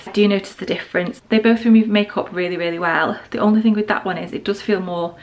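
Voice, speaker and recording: Speaking fast at a medium pitch with fairly level intonation, a young vlogger chats casually about skincare, slightly out of breath. She wanders, using lots of fillers and starting sentences over, and the high frequencies are cut off.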